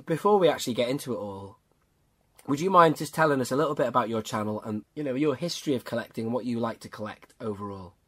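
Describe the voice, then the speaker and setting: A man's voice: mid-range voice, animated, fast, breathy edge. A man hosting a podcast in casual chat, talking enthusiastically and often calling his guest "man". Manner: enthusiastic, peppers talk with "man". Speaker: podcast host.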